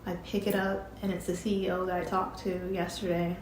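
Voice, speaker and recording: A woman's voice: fairly low pitch, little pitch movement, a little fast, a little hiss or hum. A woman casually telling a personal story, chatty and often laughing as she recounts conversations. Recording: roomy echo with faint ambience.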